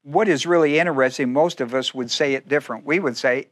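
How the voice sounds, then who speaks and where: A man's voice: mid-range voice, fairly quick, few pauses. A man pastor preaching a sermon, acting out biblical speakers in first person with humor and frequent laughter.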